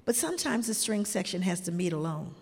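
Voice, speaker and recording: A woman's voice: medium pitch, very animated, fairly quick, darkish tone. An older woman, a grandmother, telling stories in an earnest, heartfelt way, full of "you know" asides. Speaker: guest. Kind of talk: reflective storytelling in conversation. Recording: long hall reverb.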